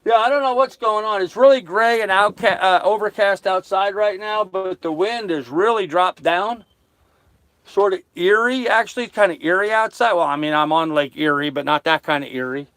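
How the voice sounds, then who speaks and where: A man's voice: sits high, normal speed, fairly bright tone, no room sound. Laid-back older man chatting from his boat. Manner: easygoing, chatty, joking, laughs at his own jokes. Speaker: sailing vlogger on a live stream. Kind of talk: casual live-stream chat, reading viewer comments. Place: small sailboat cabin on a lake.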